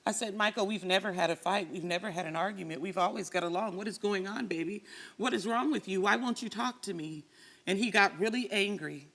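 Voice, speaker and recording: A woman's voice: mid-range voice, fairly quick. A middle-aged woman, a talk show guest, telling her own story with feeling and acting out the people in it. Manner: animated storyteller who acts out her quarrels.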